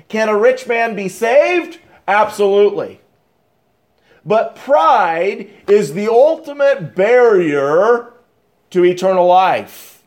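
Slow, high-voiced male preacher. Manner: deliberate preaching with emphatic repetition. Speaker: pastor. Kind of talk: sermon.

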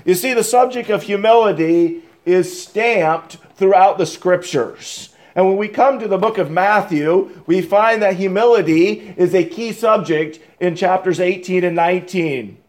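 A male pastor preaching a sermon, deliberate and emphatic, repeating key phrases. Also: high voice, a little mellow.

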